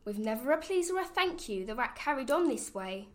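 A woman reading a rhyming children's picture book aloud, with a rhythmic, expressive sing-song delivery. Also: high-pitched, a little fast. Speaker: storybook reader.

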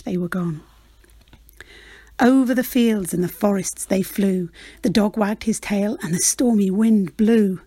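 A woman reading a rhyming children's picture book aloud, with a rhythmic, expressive delivery. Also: a little high, no echo. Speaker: storyteller.

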